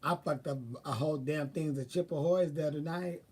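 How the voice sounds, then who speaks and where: Brief: man vlogger, higher-pitched, loose profane chatter, mic a bit far off. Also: brisk, slightly rough. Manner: chatty, profane, animated, thinking aloud. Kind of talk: casual rambling monologue.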